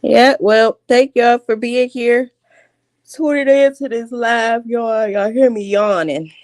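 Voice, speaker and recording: A woman's voice: fairly high pitch, takes it slowly, darkish tone, dry recording. Blunt woman livestreamer, dry close sound. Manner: blunt, confrontational, calls out with repeated questions. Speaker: livestream host. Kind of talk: casual livestream commentary.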